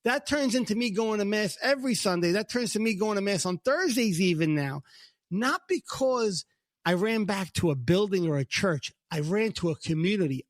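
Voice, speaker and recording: A middle-aged man with a Brooklyn accent, co-hosting a casual faith podcast and telling a lively story, acting out dialogue as he goes. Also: no room sound, clean studio sound. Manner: animated storyteller, acts out God's lines in a higher voice. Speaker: podcast co-host.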